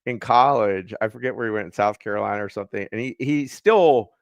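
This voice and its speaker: A laid-back man co-hosting a sports podcast, agreeable and easygoing. His voice is low and smooth. It is recorded dry and close. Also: brisk, no echo. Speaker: podcast co-host. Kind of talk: casual sports chat.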